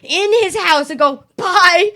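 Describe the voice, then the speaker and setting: A woman's voice: high-pitched, fast talker, fairly bright tone. A young woman co-hosting a podcast, blunt and swearing, laughing often in casual banter.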